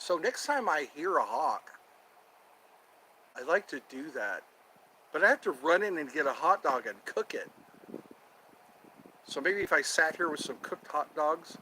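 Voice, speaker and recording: A man's voice: fairly high pitch, bright, forceful tone, a little hiss or hum, rough recording. A man hosting a casual solo livestream from outdoors near his home, rambling and repeating himself as he thinks aloud. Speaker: livestream host.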